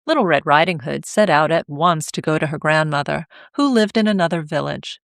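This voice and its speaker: A woman narrating a fairy tale in a slow, clear scripted reading for English learners. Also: deep voice, dry recording, studio quality.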